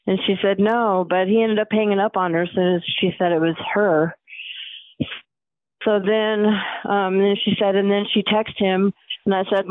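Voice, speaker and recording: A woman's voice: medium pitch, moderate pace, no room sound. A middle-aged woman talking as a guest in a casual, blunt way, with lots of fillers. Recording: tinny phone line.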